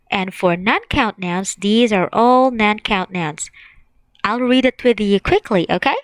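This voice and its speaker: Slow, patient woman teaching a lesson. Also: medium pitch, dry recording, rough recording. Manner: slow, clear, repeating each word for learners. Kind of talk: online language lesson.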